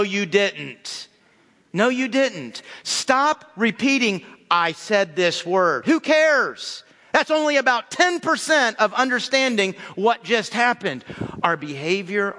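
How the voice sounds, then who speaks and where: A man preaching on marriage as a pastor, animated and conversational, acting out little asides as he goes. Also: sits high, in a large hall. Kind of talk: sermon on marriage.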